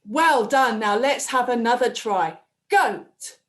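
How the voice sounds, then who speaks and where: A woman teacher leads young children through a phonics lesson. She speaks slowly and deliberately in a bouncy sing-song voice that rises high on each sound. Her pitch sits a little above average. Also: big pitch swings. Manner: slow, clear, sing-song prompting with drawn-out sounds. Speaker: primary school teacher.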